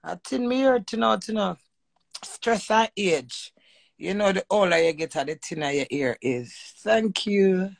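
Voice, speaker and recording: A woman's voice: mid-range voice, lively intonation, unhurried, gravelly. A middle-aged woman with a Jamaican accent, rambling in a crude, joking way in a casual live-stream chat from home. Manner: rambling, crude and joking, mixes patois with English. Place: home in England.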